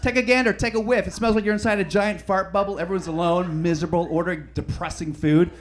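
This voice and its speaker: A man doing a brash, crude stand-up routine, swinging between loud bursts and low mutters. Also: steady tone, fast. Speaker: stand-up comedian.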